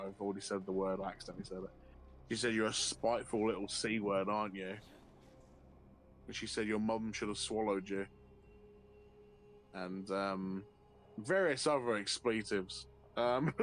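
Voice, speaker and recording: A man streaming a game, telling a long anecdote in a profane, animated way and often laughing. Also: fairly low pitch, slight background noise. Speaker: livestreamer. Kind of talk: casual storytelling while gaming.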